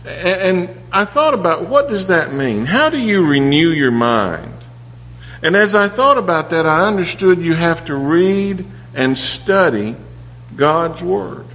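A man's voice: fairly high pitch, big pitch swings, unhurried. A man preaching a sermon in an earnest, personal way, with stories from his own life. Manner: earnest, personal storytelling with occasional restarts. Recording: reverberant hall with dull sound and faint hum.

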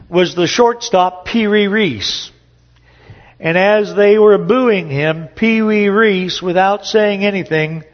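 A man giving a sermon-style talk to a morning gathering, telling a story slowly with frequent "uh" pauses. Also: high-pitched. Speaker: speaker at a morning church gathering. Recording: dull lo-fi audio with long hall reverb.

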